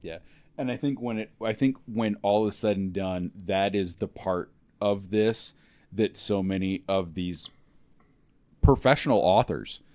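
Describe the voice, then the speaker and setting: A man co-hosting a podcast in casual chat, measured and emphatic. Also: on the low side, a little mellow, no echo. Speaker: podcast co-host.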